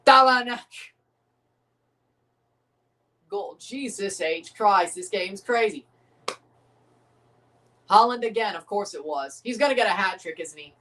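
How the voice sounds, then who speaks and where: A man hosting a live watchalong of a football match, excitable and opinionated, often exclaiming and laughing at the action. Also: high voice, measured pace, pauses often, far from the mic. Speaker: livestream host reacting to a match.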